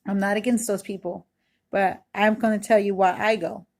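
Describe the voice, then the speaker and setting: A woman in her thirties records herself on video in her kitchen, giving an earnest, rambling personal testimony full of "you know" and "like." The close mic picks up her mid-range, slightly mellow voice, which moves little in pitch and flows at a normal speed.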